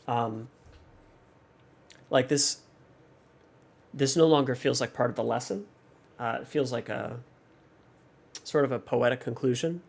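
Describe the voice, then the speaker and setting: A man's voice: mid-range voice, measured pace, gravelly, long pauses. A man hosting a music reaction channel, analyzing a song in a thoughtful, hesitant way with many fillers and restarts.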